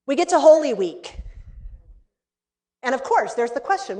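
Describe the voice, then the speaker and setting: A woman giving a lecture who tells a story with animation and acts out the dialogue, slowing and softening at solemn moments. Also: high voice, sing-song. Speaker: seminary lecturer.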